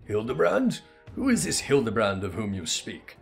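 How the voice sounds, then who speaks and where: A man hamming up a pompous, befuddled gentleman inspector. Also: fairly low pitch, wildly swooping pitch, normal speed, vocal fry, soft background music, heavily acted. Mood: grandiose. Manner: grandiose, theatrical old-fashioned diction.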